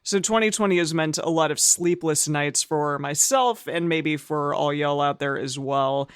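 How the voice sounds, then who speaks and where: A man co-hosts a podcast in a fairly high voice. He reads ads in an upbeat, chatty, informal way. The recording is close and dry. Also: fairly bright tone, clean tone, no room sound. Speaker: podcast co-host. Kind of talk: casual podcast chat with ad reads.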